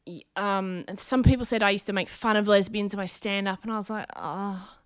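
A woman, a comedian guest on a podcast, chatting and telling an animated, rambling story. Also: mid-range voice, fast, clear, resonant tone, dry recording, clean studio sound. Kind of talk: casual chat, storytelling.

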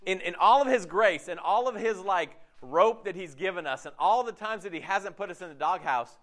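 A man with a high-pitched voice delivers a conversational sermon. He talks casually and with energy, slipping into quoted speech to make his points. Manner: casual, animated, acts out quotes. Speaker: pastor.

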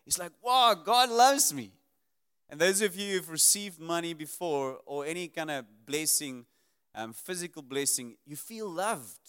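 A man's voice: on the high side, animated, normal speed, a bit bright, smooth. A man preaching a sermon to a live congregation, earnest, building emphasis through repeated lists.

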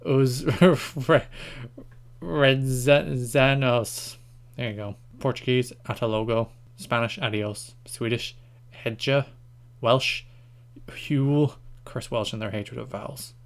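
A man's voice: medium pitch, fairly even intonation, measured pace. Self-deprecating man from Ireland hosting a podcast. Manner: self-deprecating, stumbles over foreign words with laughs. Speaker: podcast host. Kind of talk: casual solo podcast.

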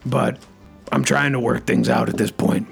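A man's voice: mid-range voice, fairly even intonation, normal speed, vocal fry, slightly rough, soft background music. A man hosting a comedy podcast, bellowing catchphrases and stuffing "freaking" into every phrase. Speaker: podcast host. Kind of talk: comic rant in character.

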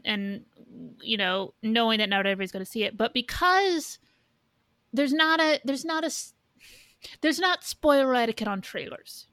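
Candid swearing woman, higher voice. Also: a bit bright, dry recording. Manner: candid, swears, halting restarts. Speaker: podcast co-host. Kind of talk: casual chat.

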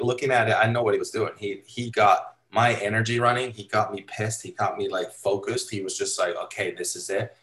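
A man's voice: on the low side, a bit bright, rough recording. A man from Finland, a guest in an interview, telling a long story casually with lots of "like" and "dude". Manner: laid-back, rambling, heavy use of "like" and "dude". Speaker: interview guest, photographer and former skater.

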